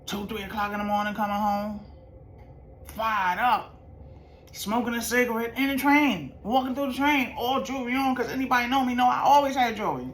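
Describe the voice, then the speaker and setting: A woman in her fifties from New York, telling personal stories in a streetwise, slangy way. She shifts from quiet reflection to loud, animated retelling. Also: a little high, brisk, slight background noise. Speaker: vlogger sharing life stories. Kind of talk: personal storytelling.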